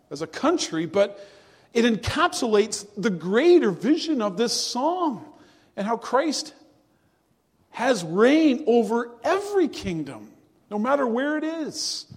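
A man delivers a sermon in a slow, measured way, leaning on key words. His voice sits high for a man. The church around him carries a long, ringing reverb. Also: breathy edge. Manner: earnest, measured preaching with slow, drawn-out emphasis. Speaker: pastor.

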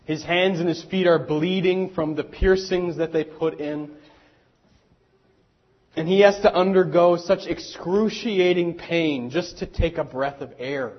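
A pastor preaching a sermon in an earnest, deliberate way with dramatic pauses, also turning to speak to the children. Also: male voice, a little high, dull audio. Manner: speaks directly to children in the congregation.

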